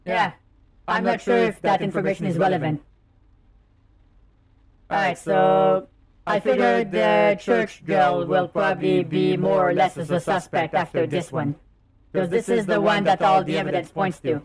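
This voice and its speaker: Brief: casual male streamer, reads game text aloud, high voice, faint music underneath. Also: fairly even intonation, normal speed. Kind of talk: game commentary and reading aloud.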